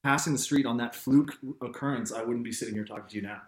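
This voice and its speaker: A man speaks as an interview guest, animated and quick to laugh as he tells his stories. His voice sits at an ordinary middle pitch for a man. The recording carries a noticeable roomy echo. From Canada. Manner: animated storyteller, laughs often. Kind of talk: casual interview storytelling.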